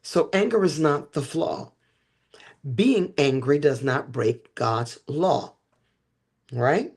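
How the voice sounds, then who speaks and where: A man's voice: on the high side, animated, slow, breathy edge. A man hosting a livestream teaching talk, with a preacher-like cadence, drawing out key words and checking in with listeners. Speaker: host.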